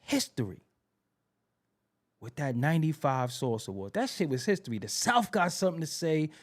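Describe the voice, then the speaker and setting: A man hosting a podcast, telling music history stories in a casual, animated way and repeating himself for emphasis. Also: a little high, fairly quick. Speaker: podcast host.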